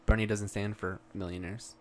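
Teasing low-voiced podcast guy. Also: flat delivery, a little mellow, a little hiss or hum. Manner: teasing, quick wisecracks. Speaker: podcast co-host. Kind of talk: casual banter.

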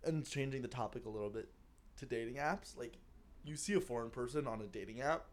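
A man's voice: mid-range voice, a little fast. A young man co-hosting a podcast in loose, giggly casual chat, swearing freely. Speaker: podcast co-host.

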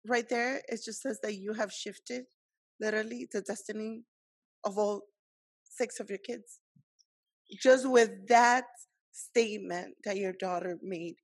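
A woman hosting an interview, speaking slowly and affirming her guest with encouragement. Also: on the high side, no room sound. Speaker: host. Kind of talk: interview talk.

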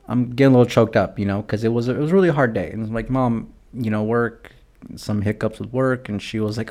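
Brief: young male podcast host, mid-pitched, rambling solo chat with profane dark humor. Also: brisk. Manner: rambling, profane, darkly joking. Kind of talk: casual solo podcast monologue.

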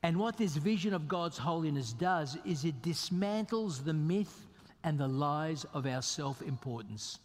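Animated male pastor in a reverberant hall. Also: measured pace. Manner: animated, emphatic preaching with sudden pitch jumps. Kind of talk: sermon.

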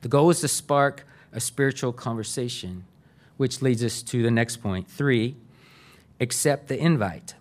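A man's voice: medium pitch, measured pace. A middle-aged man, a pastor giving a sermon in an earnest, conversational way. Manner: conversational, earnest, uses fillers.

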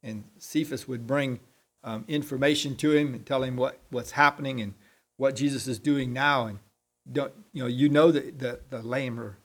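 Man, lay preacher, mid-pitch voice; unscripted, halting sermon delivery, frequent throat clearing. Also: steady tone.

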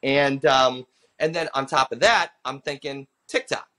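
Speaking a little slowly at a medium pitch, this comedian in his thirties is an impressionist guest on a relaxed podcast. He's an animated storyteller who acts out the people in his anecdotes.

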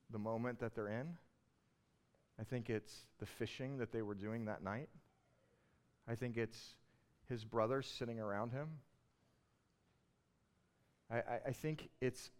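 Man, sermon, storytelling tone, mid pitch, grows impassioned. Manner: conversational storytelling, building to passionate emphasis. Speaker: pastor.

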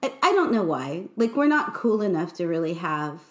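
A woman's voice: lowish voice, sing-song, moderate pace, reverberant. A woman hosting a podcast in casual, chatty conversation, laughing often and joking at her own expense. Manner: giggly, chatty, self-deprecating. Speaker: podcast host. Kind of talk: casual chat.

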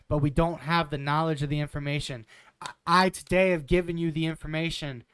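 A man's voice: a little high, clear, resonant tone, no room sound. A man in his twenties giving blunt, sarcastic political commentary with some swearing. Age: 20s.

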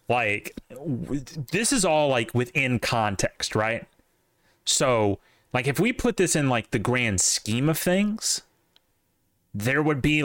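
Opinionated, rambling man, podcast co-host, very animated, dry. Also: mid-range voice, no room sound. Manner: opinionated, rambling with many fillers. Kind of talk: casual chat.

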